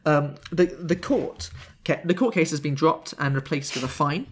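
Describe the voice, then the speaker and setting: A chatty podcast host, talking at an everyday middle pitch. The delivery is jokey and loose, full of laughs and little restarts as the story is read out. Everything is casual chat. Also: normal speed, a little hiss or hum.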